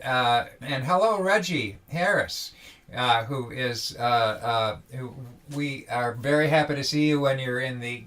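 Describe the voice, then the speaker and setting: A man hosting a daily online singalong, greeting viewers by name in casual, halting talk with many restarts over a video call. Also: medium pitch, fairly bright tone. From Vermont.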